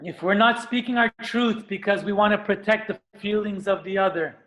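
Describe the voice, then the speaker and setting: Earnest male spiritual teacher, animated motivational talk. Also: high voice, normal speed. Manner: earnest, animated, acts out screams and stomps.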